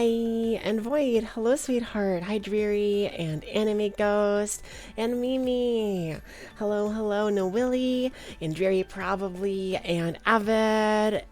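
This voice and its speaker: A woman's voice: mid-range voice, slow, darkish tone. A young woman with a slight Valley Girl accent, chatting casually with her live stream viewers, bubbly and giggly as she greets them by name.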